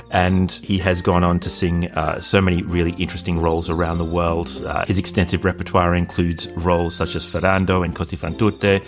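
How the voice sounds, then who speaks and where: An Australian man hosts a casual podcast in a very low voice. He chats and tells stories with animation, and faint music plays under his talk. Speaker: podcast co-host.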